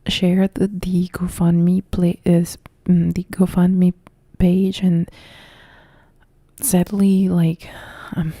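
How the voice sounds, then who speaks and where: A young woman from Italy with an Italian accent, softly whispering as she chats and answers viewer comments in a whispered role-play live stream. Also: on the low side, vocal fry, dry recording. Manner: soft whispered chat reading viewer comments.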